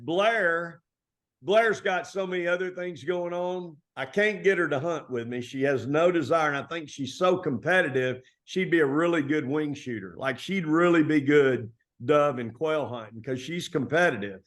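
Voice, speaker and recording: A middle-aged man from Texas, a basketball coach telling stories in a relaxed, folksy interview style full of colloquial turns. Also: fairly high pitch, moderate pace. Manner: folksy, animated storytelling with Southern colloquialisms. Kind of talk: conversational storytelling interview.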